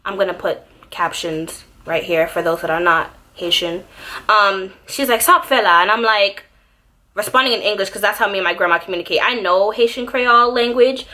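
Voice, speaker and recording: Young woman, bright voice, casual story time vlog, dramatic and chatty. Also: mid-range voice, normal speed. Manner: animated, dramatic, lots of "like". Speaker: beauty YouTuber.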